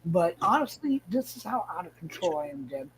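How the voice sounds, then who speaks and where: A man's voice: sits high, big pitch swings, fairly quick, fairly bright tone, a little hiss or hum, rough recording. A man hosting a casual livestream, agitated and rambling with many restarts and curses, in pain and fighting to stay awake. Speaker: livestream host.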